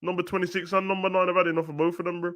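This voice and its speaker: A young man hosting a live football watch-along, chatting in slang and rising to loud, excited play-by-play. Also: high voice, racing.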